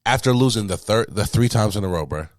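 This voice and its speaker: A young man with a lowish voice talks loosely on a podcast, full of slang and casual swearing. The sound is dry and close, with no room around it. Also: quick pace, no echo. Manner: relaxed slangy banter, swearing freely. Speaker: podcast co-host. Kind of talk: casual chat.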